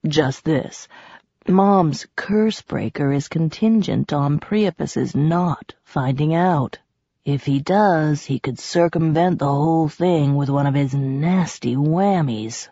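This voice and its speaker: A woman's voice: low voice, slow, mellow, breathy edge, no echo, dull audio, voice pushed down, exaggerated voice. A woman reading an audiobook, voicing a bawdy, joking male god of love who teases crudely. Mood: warning. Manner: blunt, teasing, crude humor.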